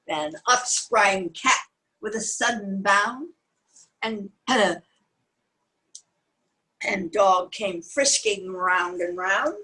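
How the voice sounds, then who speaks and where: A woman's voice: medium pitch, extremely slow, pauses often, bright, forceful tone, rough recording. An older woman reading a picture book aloud to young children, sing-song and asking them questions along the way. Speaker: children's storyteller.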